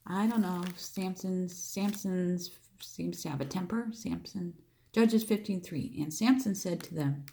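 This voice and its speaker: A woman's voice: fairly low pitch, normal speed, warm tone. A woman teaching a Bible story, reading verses and chatting through them with restarts, repeating phrases and acting out the figures' lines with emphatic lifts. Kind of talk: casual Bible reading and explanation.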